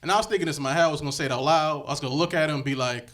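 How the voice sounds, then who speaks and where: A man's voice: fairly high pitch, rapid-fire, fairly bright tone. A young man from Connecticut performing a stand-up comedy set, talking loosely and conversationally. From Connecticut, USA. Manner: loose, conversational, slips into character voices for quoted people.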